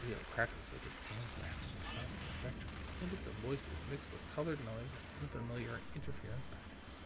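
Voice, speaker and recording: A man's voice: medium pitch, a little fast. A man reading a game's dialogue aloud and breaking in with sarcastic, swearing asides as a let's play host. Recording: clear background noise.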